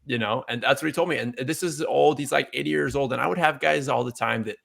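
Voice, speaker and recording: Gravelly-voiced man telling a story. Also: medium pitch, fast talker. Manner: rambling, animated when quoting. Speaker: podcast host. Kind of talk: casual chat, storytelling.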